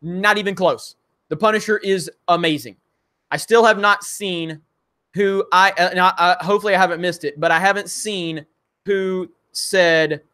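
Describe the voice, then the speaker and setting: A man's voice: high voice, pushed and bright, clear, resonant tone. A man hosting a casual live stream, reading viewer messages aloud, laughing often and talking loosely with many fillers. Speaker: livestream host reading super chats.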